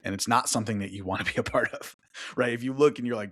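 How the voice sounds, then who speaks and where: A man's voice: fast, slightly rough. A man hosting a relationship podcast who talks through his point in a casual monologue, tags many sentences with "right?", and acts out other people's thoughts. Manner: conversational, keeps adding "right?"; acts out quoted thoughts in a higher voice.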